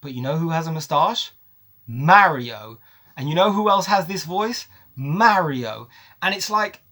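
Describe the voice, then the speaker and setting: A man reviews a movie in a casual, opinionated rant. His voice sits a little high, and he hammers his points home by repeating them. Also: sing-song, a little slow, pushed and bright. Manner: emphatic, ranting, repeats words for stress.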